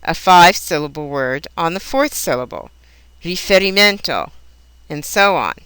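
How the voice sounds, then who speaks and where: A woman teaching a language lesson in scripted narration, pronouncing each example word slowly and carefully. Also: low voice, lively intonation, a bit bright, clean tone, dry recording. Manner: slow, careful, precise enunciation of example words.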